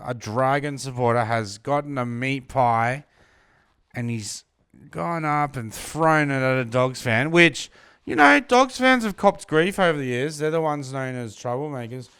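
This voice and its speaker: A relaxed man chatting as a podcast co-host, trading jokes and rambling with easy fillers. His voice is smooth and resonant, recorded close and dry with no room sound. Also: medium pitch, a little slow, dry recording. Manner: chatty, jokey, loose fillers. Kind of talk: casual chat.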